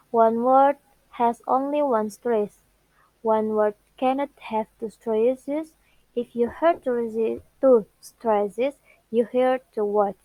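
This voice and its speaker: A young woman with an Indonesian accent, slowly reading out a pronunciation lesson on word stress and repeating the example words. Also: fairly high pitch, dark tone, no room sound, rough recording. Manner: slow careful reading with repeated words and restarts. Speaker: student. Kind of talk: pronunciation practice recording.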